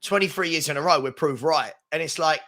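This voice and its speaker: A man's voice: on the high side, a little fast, sharp tone. A man hosting a casual live-stream chat, frustrated and rambling, reading out viewer comments as he talks. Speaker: host.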